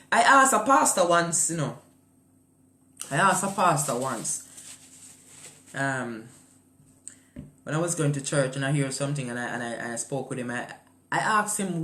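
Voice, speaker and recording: A Jamaican woman hosts a morning show, speaking with passion and firing rhetorical questions. She drifts between patois and English. Her voice sits fairly low, and her speech echoes in a roomy space. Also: animated, normal speed, a bit bright. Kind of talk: casual chat.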